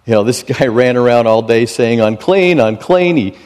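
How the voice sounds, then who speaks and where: A man preaching a sermon in a slow, deliberate way, his voice climbing high and emphatic on key lines. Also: flat delivery, darkish tone. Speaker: pastor.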